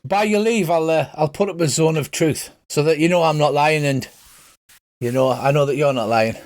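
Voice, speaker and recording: A man's voice: a little high, moderate pace, darkish tone, natural voice. A man voicing a large, sly male priest with a put-on Irish accent, chatty and folksy. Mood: jovial. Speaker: cleric character.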